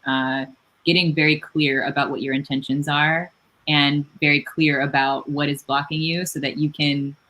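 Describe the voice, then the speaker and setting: Woman, book event host, low voice, forceful tone, effusive, encouraging, casual, lots of fillers. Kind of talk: casual live-streamed book talk.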